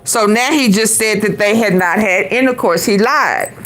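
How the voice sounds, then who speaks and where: A woman's voice: medium pitch, moderate pace, a bit bright, poor audio. A woman hosting a vlog, giving blunt, profane commentary over a played clip. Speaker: host. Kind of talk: casual commentary.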